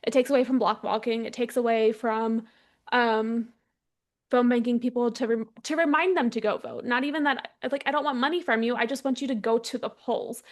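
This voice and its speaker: A woman's voice: on the high side, fairly even intonation, a little fast. A young adult woman from Texas, a congressional candidate, talking in a casual interview with frequent ums and restarts.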